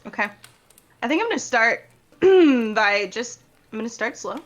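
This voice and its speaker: A woman's voice: on the high side, sing-song, normal speed. A woman playing a tabletop game over an online call, thinking aloud in a hesitant way. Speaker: player. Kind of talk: casual tabletop play.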